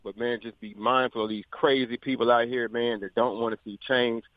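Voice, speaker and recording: Male radio caller, earnest rambler, quick pace, phone-line sound, dry. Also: mid-range voice, little pitch movement, no echo. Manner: rambling, earnest, peppered with "man". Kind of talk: phone-in chat.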